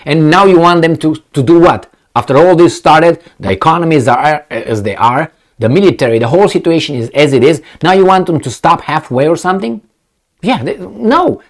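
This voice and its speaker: A man giving a heated political commentary, cursing, with frequent fillers and restarts. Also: on the high side. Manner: animated, heated, profane, many fillers and restarts.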